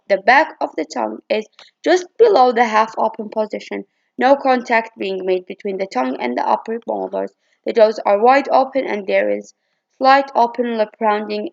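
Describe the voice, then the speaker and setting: A woman reads out a phonetics lesson in a fairly high voice with a gravelly edge of fry. She stumbles and restarts now and then as she goes through her slides. The recording sounds dull and lo-fi. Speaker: student presenter. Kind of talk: reading a phonetics presentation.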